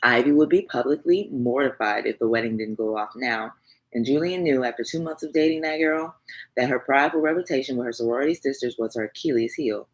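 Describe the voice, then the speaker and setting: A woman narrating a romance novel for an audiobook, in an even, measured reading voice. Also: extremely low pitch, poor audio.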